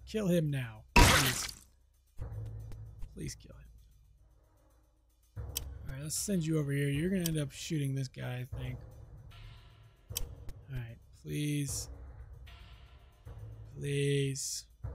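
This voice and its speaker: A man's voice: on the high side, a little slow, pauses often, over loud music. A man playing a video game and commenting on it through a headset, irritated and swearing, muttering and then bursting out at the game. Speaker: gaming channel host. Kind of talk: let's play commentary.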